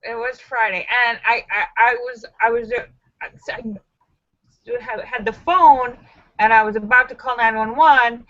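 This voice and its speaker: A woman's voice: fairly high pitch, fairly bright tone, dull audio. A woman hosting a casual live stream, chatting with viewers in a sassy, joking, self-mocking way.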